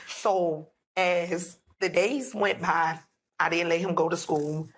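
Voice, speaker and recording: A woman's voice: on the low side, fairly even intonation, slow pace. A woman, telling an emotional personal story as a podcast guest, acting out what everyone said. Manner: emotional, retelling dialogue with many "I said, he said".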